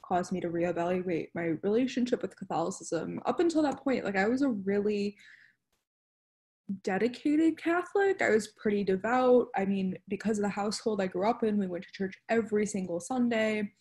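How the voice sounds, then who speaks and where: A woman's voice: mid-range voice, normal speed, a little mellow. A young woman on a student podcast, reflectively recounting a personal change of view with frequent fillers. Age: young adult. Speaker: student panelist. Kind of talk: casual podcast discussion.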